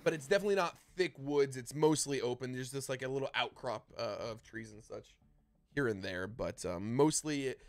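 A man narrating a tabletop game as dungeon master, describing scenes in a halting way with many fillers. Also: mid-range voice, no room sound.

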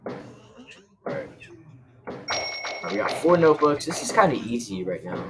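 A young man giving excitable game commentary, rambling and yelping in panic. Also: medium pitch, normal speed, music in the background. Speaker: gaming YouTuber.

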